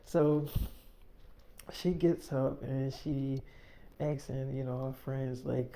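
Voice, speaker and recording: A man's voice: mid-range voice, fairly even intonation, slow, vocal fry, pauses often, dark tone, a little hiss or hum. A young man telling a story casually, rambling with lots of fillers and swearing.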